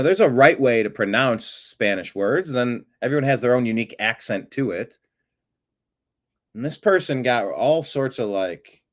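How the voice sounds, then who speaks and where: A man hosting a news commentary show, talking casually with an amused, rambling manner and frequent restarts. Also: mid-range voice. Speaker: show host.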